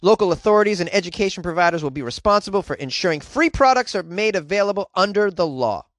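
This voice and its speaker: A man's voice: high-pitched, expressive, quick pace, fairly bright tone, no echo, studio quality. A man hosting a podcast, reading news stories aloud and riffing on them with sarcastic, rambling asides and casual swearing. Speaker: podcast host.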